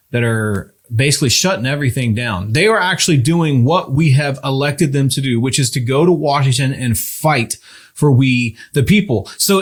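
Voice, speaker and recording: A man hosting a casual political talk show, building his point through rhetorical, emphatic questions. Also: mid-range voice. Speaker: podcast host.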